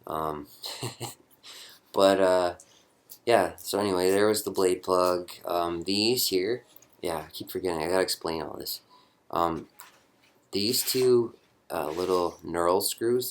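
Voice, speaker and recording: Young male hobbyist, very low voice, casual rambling show-and-tell, corrects himself as he goes. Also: slow pace, pauses often. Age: young adult. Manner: rambling, chatty, self-correcting. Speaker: hobbyist prop builder.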